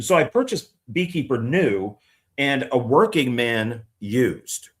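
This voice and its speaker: A man chatting casually on camera about discs he bought, rambling and swearing, now and then mocking critics in a put-on voice. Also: medium pitch. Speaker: filmmaker showing his disc purchases. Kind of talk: casual vlog chat.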